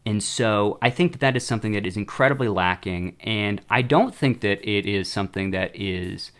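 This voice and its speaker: A man's voice: fairly low pitch, normal speed, a bit bright, clean tone. A young man hosting his own show, casually talking about a book, rambling and tripping over his words. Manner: rambling, self-deprecating, trips over words. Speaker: show host.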